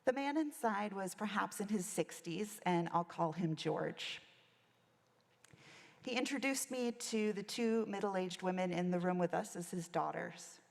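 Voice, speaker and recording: A gravelly, mid-range voice at a measured pace belongs to a woman minister delivering a reflective sermon about an experience from her chaplaincy. Long church reverb fills the sanctuary recording.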